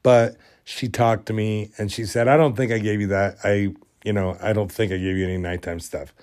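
A podcast host getting over a cold speaks in a steady, fairly low, darkish voice at normal speed. He spins a rambling, amused story in a casual, self-deprecating manner.

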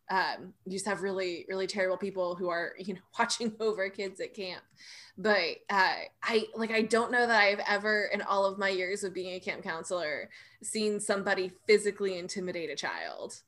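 A woman in casual conversation with a bright, forceful tone at a middling pitch. She is an expressive listener who laughs easily and riffs playfully on what she hears. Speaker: camp counselor, co-host. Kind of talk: casual chat.

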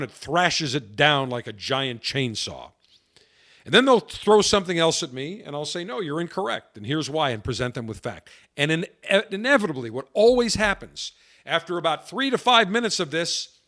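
Middle-aged male radio host, combative and emphatic, lively higher voice. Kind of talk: opinionated political monologue with anecdotes.

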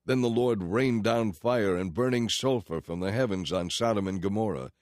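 A man giving a steady, measured scripted narration of a Bible story. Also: on the low side, no echo, clean studio sound. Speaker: scripture reader.

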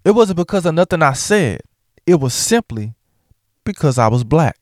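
A man's voice: fairly high pitch, normal speed, no room sound, studio quality. A man talking casually and outspokenly to the camera, mixing jokes with blunt opinions. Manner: animated, joking, outspoken. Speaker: vlogger.

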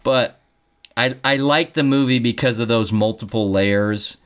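A man's voice: medium pitch, unhurried, smooth. Male co-host, mid-range voice, rambling, self-correcting, jokey, casual review chat. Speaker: podcast co-host.

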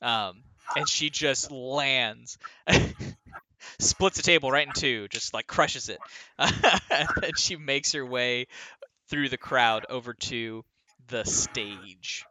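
A man narrating a tabletop game as game master, animated and laughing often. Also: mid-range voice, slow pace, no echo.

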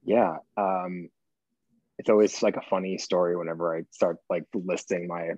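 A man talking as a podcast guest, easygoing and quick to laugh at himself. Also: deep voice, fairly even intonation, darkish tone, dry recording, highs cut off. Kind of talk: casual interview chat.

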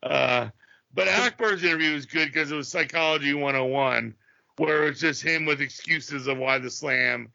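A man's voice: fairly high pitch, normal speed, creaky, bright, forceful tone, dry recording. A man co-hosting a casual podcast, putting questions to the others and giving blunt opinions. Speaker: podcast co-host. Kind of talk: casual chat. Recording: dry, dull lo-fi audio.

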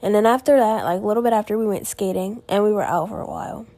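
Speaking fast in a warm, mid-range voice, a teen podcast host chats casually on her own at home. She sounds worn out as she rambles through her weekend, restarting sentences and leaning on "like." There's no room sound.

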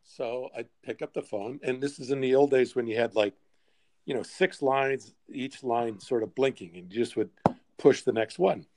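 An older man in his sixties, a podcast guest telling lively anecdotes with frequent chuckles. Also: mid-range voice, normal speed, dry recording. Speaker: podcast guest, sports executive. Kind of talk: storytelling interview.

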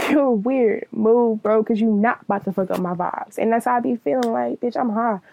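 A woman's voice: a little high, normal speed, vocal fry, warm tone, dry recording, low-quality recording. A young woman giving a blunt, profane, casual monologue, laughing often.

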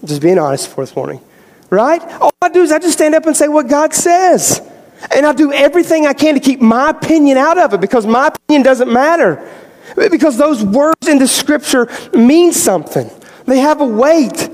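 A man preaching a sermon as pastor, animated, moving between loud emphasis and quiet storytelling. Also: very high voice, moderate pace. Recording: hall reverb.

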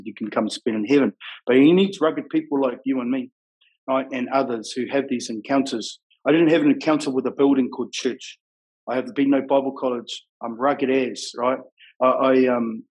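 Husky New Zealand man, frank and rough-edged. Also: medium pitch, a little mellow, low-quality recording. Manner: rough-edged, frank, says "bro" and "you know what I mean" often. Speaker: guest telling his life story. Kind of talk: casual storytelling.

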